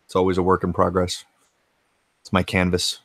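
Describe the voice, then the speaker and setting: A man's voice: deep voice, monotone, normal speed, fairly bright tone, no echo. An American man hosting a casual retro gaming livestream from his home game room, laid-back and rambling, swearing freely as he answers chat. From United States.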